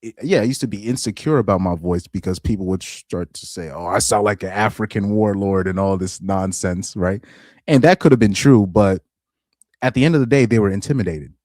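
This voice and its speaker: Male streamer, deep voice, casual rambling chat read-out, dry close sound. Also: fairly quick, a little mellow, no room sound. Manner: loose and rambling, repeats words, laughs often. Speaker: livestream host reading chat. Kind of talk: casual live-stream commentary.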